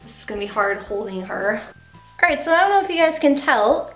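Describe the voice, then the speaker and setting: A woman's voice: big pitch swings, a little fast, fairly bright tone, reverberant, faint music behind. Bubbly young woman vlogging at home. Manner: gushing, rises to high baby talk with the puppy. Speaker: beauty vlogger. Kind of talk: casual vlog chat. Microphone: camera with ring light.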